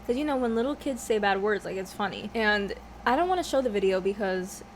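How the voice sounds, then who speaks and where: A woman's voice: mid-range voice, lively intonation, a little fast, a little hiss or hum. A young woman vlogging at home, chatting casually while she eats, rambling off topic, swearing often and laughing a lot. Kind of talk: casual mukbang chat.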